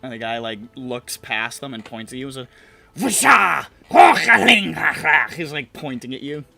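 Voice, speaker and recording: A man's voice: medium pitch, steady tone, a little fast, bright, forceful tone, faint music behind. A man narrating as game master in a casual, swearing, laughing manner.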